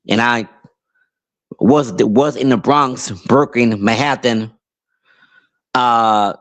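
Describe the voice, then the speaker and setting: A man who grew up between Puerto Rico and New York, hosting a podcast and telling a rambling casual story with many restarts and animated outbursts. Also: mid-range voice. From Puerto Rico, raised in New York. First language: English. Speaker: podcast host.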